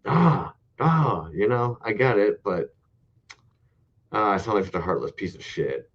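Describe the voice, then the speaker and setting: A man's voice: on the low side, sing-song, a little slow, husky, lo-fi sound. A man co-hosting a casual online toy show, a rambling, profane storyteller. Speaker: podcast co-host. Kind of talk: casual chat with heavy swearing.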